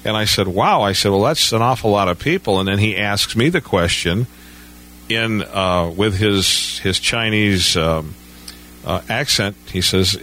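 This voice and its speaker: A man with a fairly low voice talks casually as a guest on a radio show. He tells his stories in a loose, conversational way. He often stammers at the start of a sentence and leans on "you know". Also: a little slow, bright, forceful tone.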